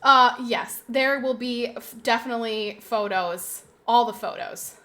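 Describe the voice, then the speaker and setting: Bright, emotional young woman streamer. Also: a little high, unhurried. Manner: emotional, repeats phrases, laughs often, reads chat aloud. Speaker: live streamer. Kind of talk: casual chat with a live audience.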